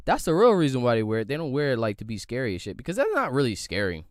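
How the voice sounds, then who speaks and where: A man's voice: mid-range voice, huge pitch swings, fast, few pauses, dry recording, clean studio sound. A young man from the area, hosting a solo podcast in a loose, profane, rambling rant full of rhetorical questions. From Philadelphia area. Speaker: podcast host.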